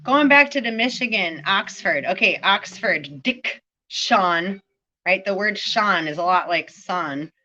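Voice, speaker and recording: A woman's voice: mid-range voice, expressive, takes it slowly, pushed and bright, lo-fi sound. A woman vlogging a rambling spiritual monologue, profane and full of free-associating word play.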